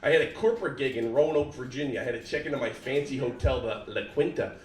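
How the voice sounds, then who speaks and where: Brash Philly-accented comedian. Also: male voice, medium pitch, fast talker, recorded from a distance, very noisy. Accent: Philadelphia. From Philadelphia. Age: 50s. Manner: brash, punchy storytelling. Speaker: stand-up comedian. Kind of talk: stand-up comedy set. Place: comedy club stage. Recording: echoey club mic from afar, loud crowd.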